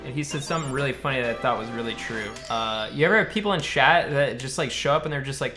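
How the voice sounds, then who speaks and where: A man's voice: medium pitch, fast talker, few pauses, sharp tone. A young man live-streaming a speedrun, chatting with his viewers in a blunt, profane, joking way. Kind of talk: casual live-stream chat while gaming. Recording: game music playing clearly underneath.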